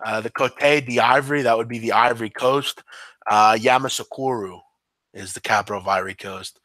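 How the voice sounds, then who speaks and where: A man's voice: medium pitch, normal speed, sharp tone, no room sound. A man hosting a podcast, chatting casually with viewers in a rambling, hesitant way, full of ums and restarts and. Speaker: podcast host. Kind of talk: casual live-stream chat answering viewers.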